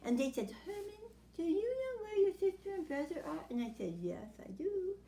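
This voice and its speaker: A man's voice: very high-pitched, very animated, moderate pace, warm tone, roomy sound, pitched above the performer's own voice, heavily acted. A woman voicing a greedy, boastful young male worm in a told story.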